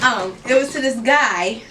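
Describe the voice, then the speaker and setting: High-voiced woman, off-mic in a noisy room. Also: far from the mic. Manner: vivid, checks that the listeners are following. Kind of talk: casual storytelling chat.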